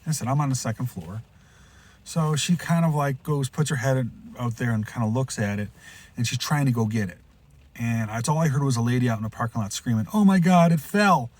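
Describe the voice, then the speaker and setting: A man hosting a podcast, telling a rambling pet story in a casual way, restarting often and jumping into loud, high voices when he quotes someone. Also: a little fast. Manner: rambling, with frequent restarts and asides. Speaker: podcast host.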